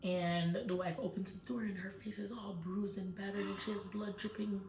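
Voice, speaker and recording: A book club host recaps a book in a casual chat, telling the story in a chatty way packed with fillers. Her mid-range voice is steady and darkish with vocal fry, at a moderate pace; the room is echoey, she's far from the mic, and there's a little hiss or hum.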